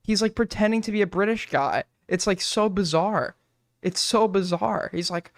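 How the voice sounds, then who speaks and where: A man's voice: high-pitched, normal speed, dry recording, clean studio sound. A man streaming, giving casual profane reaction commentary in a ranting, rambling way.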